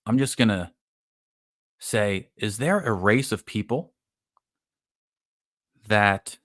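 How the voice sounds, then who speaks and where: This is a man with a deep, low voice hosting a live podcast. He recaps a show in a loose, rambling way, full of fillers and casual profanity. The sound is dry and close, with no room around it. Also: animated, slow, a bit bright, no room sound. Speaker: podcast host.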